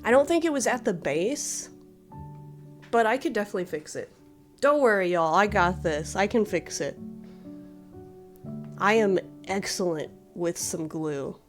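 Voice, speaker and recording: A woman doing casual live-stream commentary, gushing and excitable, laughing often. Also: mid-range voice, normal speed, soft background music. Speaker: livestreamer.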